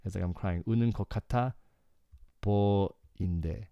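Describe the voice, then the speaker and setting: A man teaching Korean through song lyrics in a relaxed, explanatory way, often checking in with "okay" and filling with "like". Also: lowish voice, rapid-fire, vocal fry, clean tone, no echo, highs cut off. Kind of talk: casual lyrics breakdown lesson.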